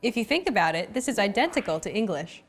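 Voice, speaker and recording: A woman hosting a scripted language lesson, explaining clearly and evenly. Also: mid-range voice, big pitch swings, fast. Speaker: lesson host.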